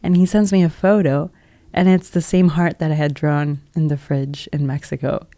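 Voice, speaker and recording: A woman's voice: sits low, steady tone, moderate pace, warm tone, no room sound. A woman guest on a podcast, an energy healer, telling a personal story in a casual, earnest way and leaning heavily on "like" as a filler. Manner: heavy use of "like" as filler; earnest, emotional retelling.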